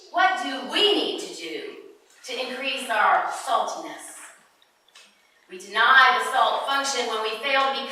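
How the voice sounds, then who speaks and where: High-voiced woman preaching in an echoey church. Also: sharp tone, slight background noise. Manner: measured, emphatic preaching with humor. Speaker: pastor. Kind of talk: sermon. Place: church sanctuary. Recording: echoey church hall from far off.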